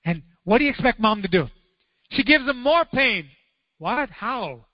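A male pastor preaches an unhurried sermon, telling stories animatedly and acting out voices with sudden high cries. The audio is dull, with big-room sound yet no echo.

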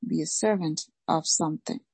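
A woman pastor preaching a sermon slowly and emphatically, repeating key phrases and reading scripture aloud. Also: low-pitched, darkish tone, husky, no room sound, rough recording. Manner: slow, emphatic preaching with deliberate repetition.

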